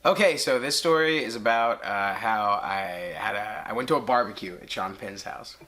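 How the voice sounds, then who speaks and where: A man's voice: lowish voice, normal speed, pushed and bright, soft background music. A man casually telling an anecdote in a rambling way, full of fillers. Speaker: comedian.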